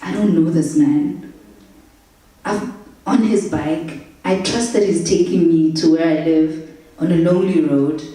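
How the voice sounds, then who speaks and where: Young woman telling a story. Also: fairly low pitch. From South Africa. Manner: animated, laughs through anecdotes, acts out quotes. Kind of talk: casual travel storytelling. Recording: echoey room, distant mic.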